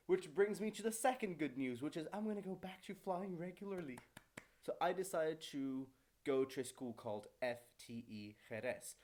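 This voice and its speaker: A young man talks straight to camera in a casual ranting vlog, at an ordinary middle pitch. He is chatty and fast, restarts his sentences, and swings between louder bursts and quieter asides. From born in Morocco, raised in Brazil and Paris. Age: young adult. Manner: chatty and quick, self-correcting, lively swings in loudness. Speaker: vlogger and student pilot.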